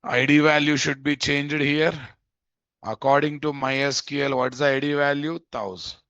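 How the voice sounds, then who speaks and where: A man's voice: on the high side, little pitch movement, moderate pace, fairly bright tone, clear, resonant tone, no room sound. A man teaching a live coding lesson. He thinks aloud, repeats phrases, and keeps checking in with "guys?". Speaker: programming instructor. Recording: dull, dry lo-fi mic audio.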